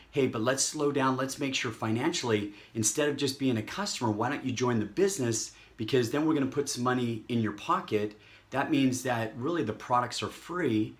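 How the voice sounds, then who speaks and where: A man giving a motivational network marketing training talk, energetic and acting out quick snippets of dialogue with prospects. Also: mid-range voice.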